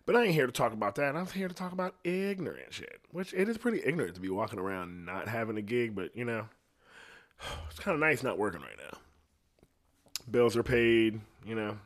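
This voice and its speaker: Rambling, profane man with a lively voice. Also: medium pitch, brisk. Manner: rambling, profane, laughs at his own jokes. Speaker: podcast host. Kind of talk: casual solo podcast rant.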